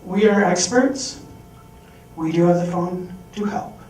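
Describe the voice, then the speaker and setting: Animated man telling a story in a hall. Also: high voice, measured pace, soft background music. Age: adult. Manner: animated, acting out quoted voices. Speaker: speaker. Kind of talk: storytelling talk. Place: large hall. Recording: echoey hall from far off.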